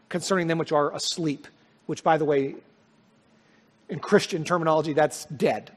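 A male pastor preaching a sermon, swelling to loud, high peaks and then dropping to soft, quiet lines. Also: fairly even intonation, a little fast, slightly rough. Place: church sanctuary. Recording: long hall reverb.

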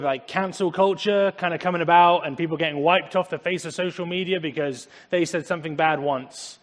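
Man, preacher, conversational sermon, personal stories, slightly high-pitched. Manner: personal anecdotes, casual asides. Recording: long hall reverb.

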